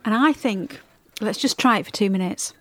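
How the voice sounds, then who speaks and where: A woman's voice: mid-range voice, moderate pace. A woman with an English Midlands accent co-hosting a casual couple's podcast, chatty and giggly. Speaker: podcast co-host.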